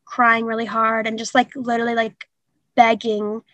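A young woman telling a painful personal story in an interview, halting and earnest with many fillers. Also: on the high side, flat delivery, sharp tone, no room sound. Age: young adult. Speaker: guest.

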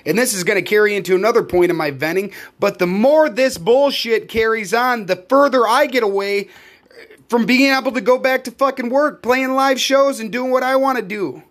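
A man's voice: very high voice, normal speed, a bit bright. A man, hosting a podcast, ranting alone in a heated and profane way. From United States. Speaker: podcast host; live performer. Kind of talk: angry solo rant.

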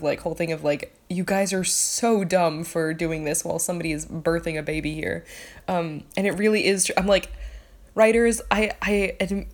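Woman, lowish voice, loose enthusiastic fan commentary, full of fillers. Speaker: TV episode reviewer. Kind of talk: casual, rambling commentary.

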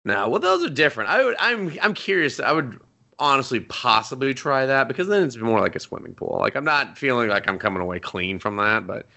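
A man's voice: medium pitch, big pitch swings, vocal fry, pushed and bright. A man co-hosting an anime podcast in casual chat, swearing freely and acting out characters' lines. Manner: swears freely, acts out lines in quick put-on voices. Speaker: podcast co-host.

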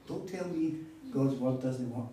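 A man's voice: medium pitch, measured pace, heavy background noise. A man preaching a sermon, telling stories with emphatic repeats. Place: hall at a retreat. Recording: echoey hall, mic far off.

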